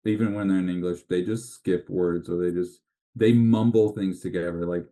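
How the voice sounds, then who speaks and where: A man co-hosting a casual podcast chat, telling animated stories and laughing at them. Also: deep voice, normal speed. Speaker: podcast co-host.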